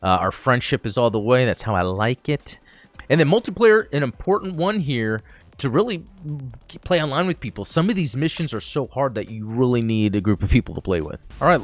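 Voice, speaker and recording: A man hosting a gaming channel, giving relaxed, chatty commentary over gameplay with plenty of fillers. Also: mid-range voice, a little hiss or hum.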